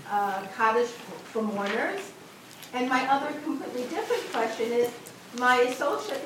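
A woman's voice: on the high side, noisy background. Distant woman asking in an echoey room. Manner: halting, repeats words. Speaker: class participant. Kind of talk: asking a question in class.

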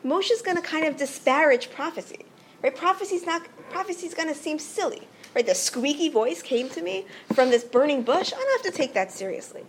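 A woman's voice: high-pitched, animated, a little fast, a little hiss or hum, pitched above the performer's own voice. A woman voicing God, musing aloud. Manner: musing aloud, reasoning with himself. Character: God, male, gentle and deliberating.

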